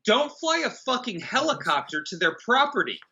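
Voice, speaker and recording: Sarcastic guy w a really bright sharp voice, swears a lot, dry jokes. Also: very high-pitched, big pitch swings, moderate pace, muffled recording. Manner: sarcastic, profane wisecracking. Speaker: movie review podcast co-host. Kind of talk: casual movie review chat.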